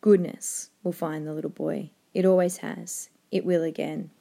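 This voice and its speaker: A woman reading the lines of a dying father who gently urges his son on, while she reads a novel aloud to a class. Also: deep voice, level tone, moderate pace, vocal fry. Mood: reassuring. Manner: quiet, gentle and insistent.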